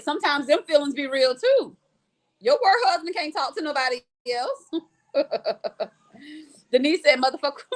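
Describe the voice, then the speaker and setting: A woman hosting a casual livestream chat who reads out viewer comments and answers them bluntly, with lots of swearing. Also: sits high. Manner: blunt, profane and animated, reading out comments.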